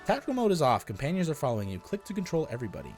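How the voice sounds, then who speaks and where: A man casually commentating his own gameplay on a stream, excitable, swearing and reading game text aloud. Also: fairly high pitch, rapid-fire, soft background music.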